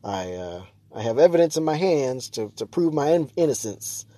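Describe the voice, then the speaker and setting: A young man in a casual vlog rant, talking fast and loose with lots of fillers and restarts. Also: medium pitch, big pitch swings, dry recording. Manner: ranting, exasperated, jumps to loud mock shouts.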